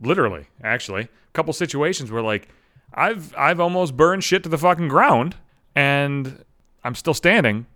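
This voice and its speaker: A man's voice: fairly high pitch, expressive, normal speed, sharp tone. A man hosting a podcast, telling a story in a rambling, profane, self-mocking way. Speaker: podcast host. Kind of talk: casual solo storytelling.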